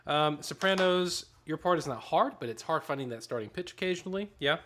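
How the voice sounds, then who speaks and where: A man's voice: fairly high pitch, animated, fairly quick, loud music behind the voice. A man leading a choir rehearsal, giving directions between short sung demonstrations. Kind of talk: rehearsal instruction.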